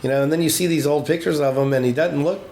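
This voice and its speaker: A man's voice: a little high, quick pace, a little mellow, a little hiss or hum. A man who works as a tattoo artist, chatting casually on a podcast in a loose, rambling way with small chuckles. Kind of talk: casual chat.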